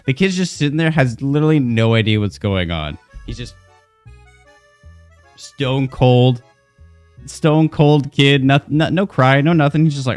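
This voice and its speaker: A young man recounts an anecdote in loose, rambling storyteller fashion, swearing freely and getting animated. His voice sits at an ordinary middle pitch. Faint music plays underneath. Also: a little slow. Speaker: streamer. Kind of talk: casual storytelling.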